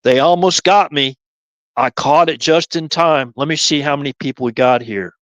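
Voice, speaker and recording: A man's voice: a little high, normal speed, fairly bright tone, no echo, lo-fi sound. A man hosting a livestream, rambling and repeating himself as he lays out his theories. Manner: rambling, repetitive, conspiratorial. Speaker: livestream host.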